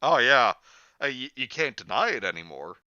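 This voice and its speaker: A man's voice: mid-range voice, very animated, moderate pace, pushed and bright, no room sound, muffled recording. A man co-hosting a casual podcast, riffing and joking. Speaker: podcast co-host.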